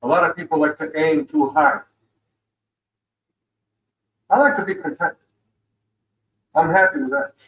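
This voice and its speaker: A man's voice: on the high side, fairly quick, a bit bright, slight background noise. A man who drives for gig delivery apps, talking in a laid-back, rambling way in a vlog clip. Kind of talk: casual vlog talk. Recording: roomy, distant clip audio.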